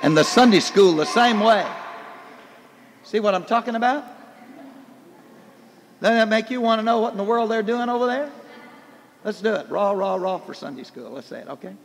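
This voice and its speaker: An older man preaching a folksy, animated sermon, recorded in a church hall in the early 1990s. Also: high voice, normal speed, long pauses, a little hiss or hum.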